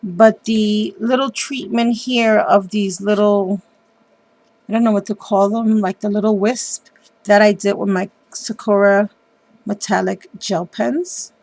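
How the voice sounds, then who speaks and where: A woman hosting a craft video, chatting warmly and enthusiastically about how she made a card, with frequent ums. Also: medium pitch, fairly even intonation, unhurried, no echo. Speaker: papercraft video host. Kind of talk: casual craft show-and-tell.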